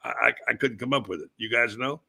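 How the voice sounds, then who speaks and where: A man's voice: medium pitch, fast, gravelly, pushed and bright. A man hosting a casual sports talk podcast, rambling in a conversational, storytelling way. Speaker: podcast host.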